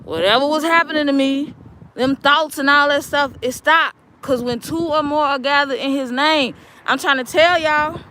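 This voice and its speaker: A woman vlogging outdoors on a city street while waiting for a bus, telling a story in an animated, emphatic, colloquial way. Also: high-pitched, normal speed, poor audio. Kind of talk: casual storytelling vlog.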